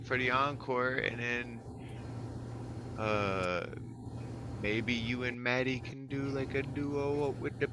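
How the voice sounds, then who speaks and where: A man's voice: medium pitch, steady tone, takes it slowly, pauses often, noisy background. Gushing, profane male open mic host. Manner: effusive, swears a lot, filler 'like'. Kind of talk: casual chat. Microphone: video call.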